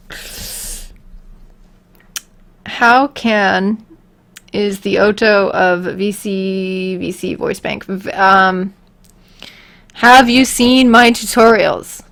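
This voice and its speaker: A woman chats with viewers in a slow, unhurried way, with a gravelly edge to her voice. She rambles, giggles and pokes fun at herself as she takes questions. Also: mid-range voice, a bit bright. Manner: rambling, giggly, self-deprecating. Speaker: streamer answering viewer questions. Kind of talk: casual livestream chat.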